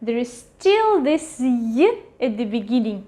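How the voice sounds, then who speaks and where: A woman teaching a pronunciation lesson at a whiteboard, repeating each word slowly several times. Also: on the high side, sing-song, dark tone. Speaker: language teacher. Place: at a whiteboard with a marker.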